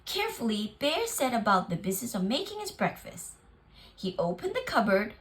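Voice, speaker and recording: A woman reading a children's picture book aloud, very expressive and lingering on phrases. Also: a little high, normal speed. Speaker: storyteller.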